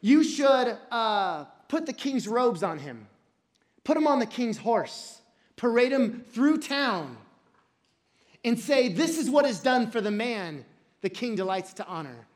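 A preacher voicing a scheming male villain who boasts and vents about his rival, with outbursts of shouting during a sermon retelling. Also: medium pitch, sing-song, slow pace. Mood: smug. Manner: boastful, venting, rising to shouts. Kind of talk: sermon storytelling.

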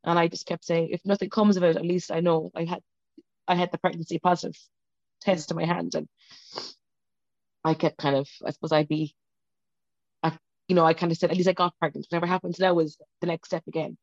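A woman tells her personal story at a quick clip, her low voice catching into a gravelly fry as she loops back and restarts her sentences. It is a close, dry, slightly dull video call recording. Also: level tone, darkish tone, dry recording. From Ireland. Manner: rambling, self-interrupting, tearful at moments. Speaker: interview guest.

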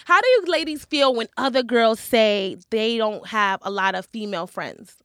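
A woman's voice: a little high, animated, a bit bright, no room sound, studio quality. A woman hosting a casual chat with guests, talking loosely with many fillers. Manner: chatty, drawn-out, lots of fillers. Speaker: host. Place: New York.

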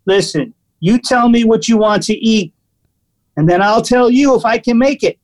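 A man voicing a gruff, aggressive male restaurant waiter in a story he tells. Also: high voice, moderate pace, dry recording, voice pushed up, close to an everyday voice. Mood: pushy. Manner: gruff, aggressive, clipped questions.

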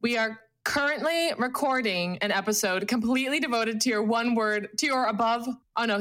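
A woman co-hosting a podcast in casual chat, giggly and excitable, reading a message aloud and laughing herself breathless. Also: medium pitch. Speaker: podcast co-host.

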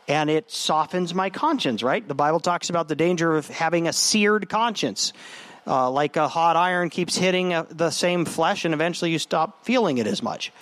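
A pastor with a slightly high voice delivers a sermon in a relaxed, conversational manner, often restarting phrases midway. The recording is dry and close.

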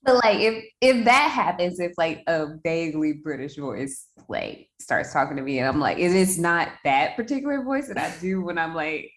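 A woman's voice: lowish voice, lively intonation, moderate pace, few pauses. A woman co-hosting a podcast in casual chat, playful with earnest asides. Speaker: podcast co-host.

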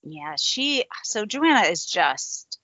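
A woman's voice: medium pitch, very animated, slow pace, bright, forceful tone, no echo, lo-fi sound. A woman podcast co-host with a Southern American accent, talking in an upbeat, enthusiastic way and asking rhetorical questions. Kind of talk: casual podcast chat.

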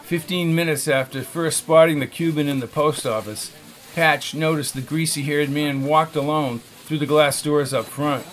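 A man reading a novel aloud as the narrator, in a steady, measured way. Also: a little high, slight background noise. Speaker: audiobook narrator. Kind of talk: scripted narration.

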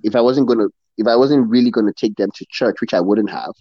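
A man's voice: fairly low pitch, quick pace, dark tone, slightly rough, dry recording. A middle-aged man from Nigeria, an interview guest chatting candidly, rambling with lots of restarts and swearing, in muffled lo-fi audio. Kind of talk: candid casual chat.

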